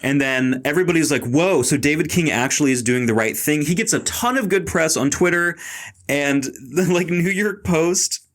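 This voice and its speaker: Male podcast host, casual chat, animated recapper who laughs easily. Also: a little high, moderate pace. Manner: animated retelling, laughs often.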